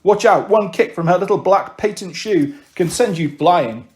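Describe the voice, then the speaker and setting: A brash teenage girl with a cheeky, mocking way of talking, as a male reader puts her on. Her voice sits high and bright, full of teasing. It is heard in a storybook reading. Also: moderate pace, close to an everyday voice.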